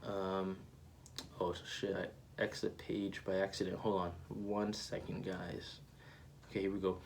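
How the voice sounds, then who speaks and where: A man hosting a live manga reaction, reading panels aloud and rambling through excited fan theories. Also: deep voice, a little slow, gravelly, slight background noise. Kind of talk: live manga read-along and commentary.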